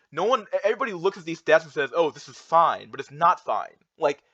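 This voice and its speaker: A man's voice: a little high, a bit bright, dry recording. A young man in a heated, rambling rant, full of fillers and restarts. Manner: heated, repetitive, filler-heavy with many restarts. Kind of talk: ranting monologue reacting to charts. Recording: dull lo-fi dry sound.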